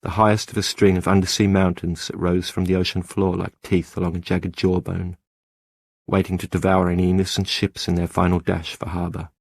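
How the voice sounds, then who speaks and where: A man narrating an audiobook in a measured, lyrical reading. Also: low voice, little pitch movement, vocal fry, no echo, studio quality.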